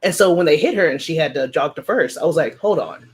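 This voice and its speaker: A woman from Texas chatting casually on a group video call, telling animated sports stories and swearing freely. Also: sits low, fast. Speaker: writing sprint participant. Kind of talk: casual chat.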